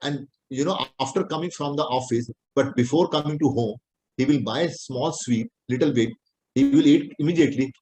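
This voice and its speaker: A middle-aged homeopathic doctor with an Indian accent lectures a class, explaining plainly and repetitively with non-native English phrasing. His medium-pitched voice is warm and a little fast, and the recording is rough.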